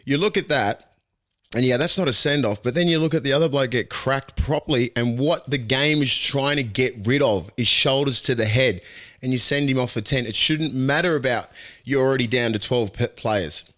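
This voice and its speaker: A man with an Australian accent, a podcast host and former rugby league player, talking sport in a blunt, animated way and swearing freely. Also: medium pitch, normal speed. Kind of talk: casual sports chat.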